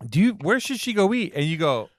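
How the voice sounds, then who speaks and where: A man with a slightly high voice that swings all over, talking fast as he jokes, teases and swears in casual podcast chat. The sound is close and dry. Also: no echo. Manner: animated, jokey, teasing, swears freely. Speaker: podcast co-host.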